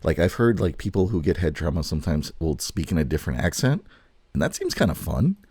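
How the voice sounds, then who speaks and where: A man's voice: low-pitched, big pitch swings, quick pace, warm tone, slightly rough, no room sound. A young man co-hosting a podcast in casual chat, crude and joking as he goes. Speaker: podcast co-host.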